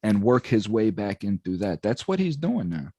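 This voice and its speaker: A man's voice: lowish voice, very animated, moderate pace, warm tone, dry recording. A man hosting a casual interview, giving reflective advice to his guest. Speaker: interview host.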